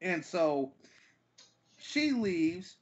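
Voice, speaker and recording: A man tells a story on a podcast at an easy pace and swears freely throughout. His pitch moves around a lot. The audio sounds slightly dull. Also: very animated, drawn-out words. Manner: profane, laid-back anecdote teller. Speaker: podcast guest. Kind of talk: casual storytelling.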